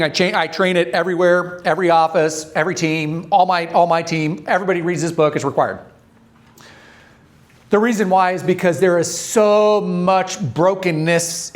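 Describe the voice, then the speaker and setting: A man giving a talk to an audience, telling stories, quizzing the crowd and acting out the voices in his stories. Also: sits high. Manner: storytelling, asks the audience questions, acts out voices. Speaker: speaker training dental or medical teams.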